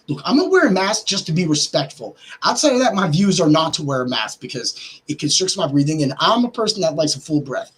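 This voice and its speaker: Animated, husky-voiced man ranting. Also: brisk, rough recording. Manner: animated, swearing, pitch jumping up when worked up. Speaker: podcast host. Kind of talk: casual ranting podcast talk.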